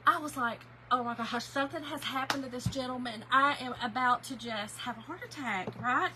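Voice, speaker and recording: A woman's voice: sits high, fairly quick, background noise. A woman, telling an emotional story in a chatty way while she crafts on a livestream, and she tears up easily.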